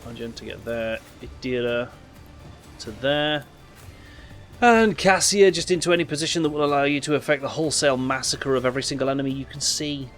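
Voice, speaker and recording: A man's voice: mid-range voice, fairly quick, a bit bright, faint music behind. A man chatting casually while playing a video game, laughing and tripping over names. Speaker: game streamer. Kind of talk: casual let's play commentary.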